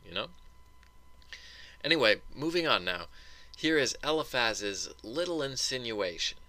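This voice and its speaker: Man, Bible teacher, lively pitch, very bright tone, dry close sound, wry and conversational. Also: no room sound.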